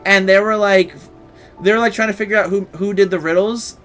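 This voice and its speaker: A man live-streaming a game, reacting excitedly and bursting into shouts and laughter. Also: high-pitched, brisk, soft background music.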